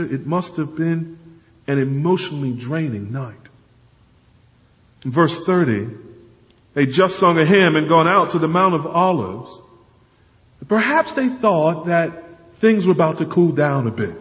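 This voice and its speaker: Guy preaching in a church, kinda high voice, long echo off the hall, dull sound. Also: expressive, moderate pace. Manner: earnest, emphatic, repeats words when stressing a point. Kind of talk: sermon.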